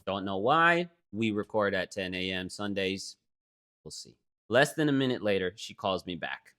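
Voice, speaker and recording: A man's voice: low-pitched, moderate pace. A young man co-hosting a podcast, telling a story in casual chat, swearing a lot and mimicking others. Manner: profane, animated storytelling with mock voices. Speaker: podcast co-host.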